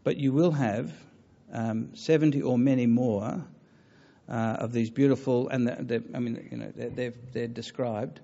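A man giving a public talk on religion and taking audience questions, earnest and halting, with many fillers and restarts. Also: mid-range voice, steady tone, gravelly, mellow, highs cut off. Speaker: lecturer on religion.

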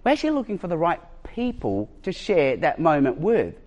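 A male pastor preaching a sermon in an emphatic storytelling manner, sometimes slowing right down and sometimes rushing ahead. His voice is fairly high for a man and very animated, swinging widely in pitch. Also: muffled recording.

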